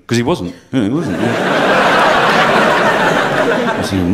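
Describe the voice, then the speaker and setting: A man doing a live stand-up routine on a comedy stage, with deadpan asides between acted rants. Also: mid-range voice, a little slow. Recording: live album with loud crowd laughter and noise.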